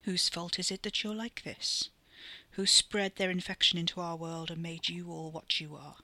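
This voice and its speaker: A cryptic ancient enchanter, a man out of legend, calm and unhurried as he turns every answer into a riddle, as a woman reads him in her own lowish voice. The sound is bright, clear and dry, close to the mic. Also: no room sound. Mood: accusing.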